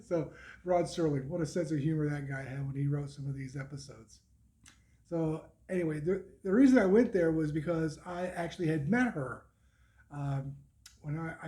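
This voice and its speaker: Middle-aged male vlogger, slightly high voice with a soft, mellow tone, loose and rambling, lots of restarts and little chuckles. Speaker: motorcycle vlogger. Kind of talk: casual spoken recap.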